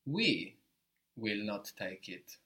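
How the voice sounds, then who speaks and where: A man's voice: fairly low pitch, big pitch swings, drawn-out words, bright, forceful tone. A man teaching a spoken language lesson, patiently explaining step by step and encouraging his student.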